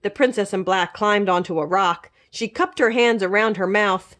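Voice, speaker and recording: A woman librarian reading a children's chapter book aloud in an expressive, animated manner. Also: medium pitch, normal speed.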